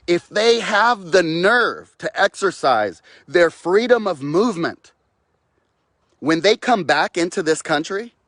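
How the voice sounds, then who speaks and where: A man's voice: a little high, fairly bright tone, no room sound. A man delivering a fiery, preachy rant outdoors, repeating phrases and mocking others' voices, recorded close on a phone.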